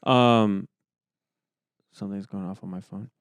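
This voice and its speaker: In casual podcast chat, a young male co-host rambles with many fillers. His pitch is fairly low, his tone steady, and his pace measured, with no echo.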